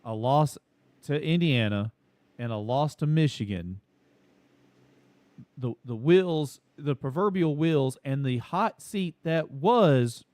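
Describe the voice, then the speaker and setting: A man's voice: on the high side, darkish tone, no echo. A man co-hosting a casual college football talk show, folksy and drawn out when making a point.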